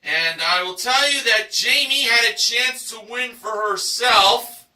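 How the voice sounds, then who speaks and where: A man hosting a game show recap, reading the results in a showy announcer style with drawn-out shouted prices. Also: very high-pitched, reverberant, distant mic. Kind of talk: enthusiastic scripted recap narration.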